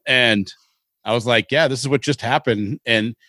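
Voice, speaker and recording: Middle-aged man from Seattle, podcast co-host, rambling animated storyteller, dry close sound. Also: mid-range voice, normal speed, no echo. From Seattle, Washington. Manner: rambling, animated anecdotes with casual swearing. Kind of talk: casual storytelling chat.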